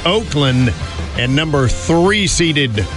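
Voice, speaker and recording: A man's voice: a little high, expressive, takes it slowly, music in the background. A man hosting a morning show, chatting casually and rambling with fillers and chuckles. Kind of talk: casual radio chat.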